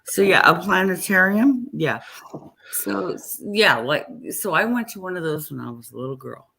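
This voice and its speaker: Gravelly tipsy middle-aged woman. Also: low voice, expressive, moderate pace. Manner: rambling storyteller, chatty and warm with the family. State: tipsy and tired. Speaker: guest on a live stream. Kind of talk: casual late-night chat.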